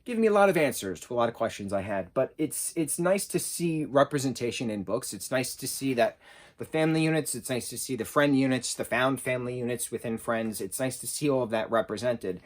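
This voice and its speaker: A man in his thirties talks through a book review in a loose, conversational way. He is enthusiastic and quick to restart his sentences, with a sarcastic streak in how he speaks. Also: medium pitch. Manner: chatty, excitable, with frequent restarts and fillers. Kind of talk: casual spoken book review.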